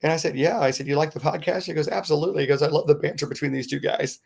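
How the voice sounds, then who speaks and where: Middle-aged guy with a gravelly voice, rambling podcast story, lots of uhs. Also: fairly high pitch, racing. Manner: rambling, animated retelling with many fillers. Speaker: podcast co-host. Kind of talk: casual storytelling.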